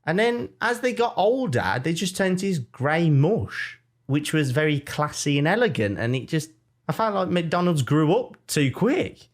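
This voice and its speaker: A young man with a Birmingham accent, co-hosting a podcast in casual chat, animated and jokey as he tells stories. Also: a little high, normal speed. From Birmingham, England. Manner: animated, jokey storytelling with mock-defiant asides. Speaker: podcast co-host.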